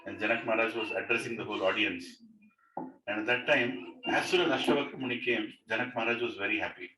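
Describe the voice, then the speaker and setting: A man's voice: fairly low pitch, fast. A man leading a devotional gathering in a home, telling a story animatedly, chuckling and often asking "right?". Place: living room of a home. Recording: echoey room, mic far off, faint noise.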